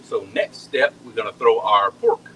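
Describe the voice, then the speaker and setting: A man's voice: lowish voice, very animated, moderate pace, fairly bright tone, slight background noise, low-quality recording. Folksy man chatting while cooking. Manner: chatty, folksy, repeats words as he talks. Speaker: home cook hosting a live cooking stream. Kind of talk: casual cooking chat with viewers.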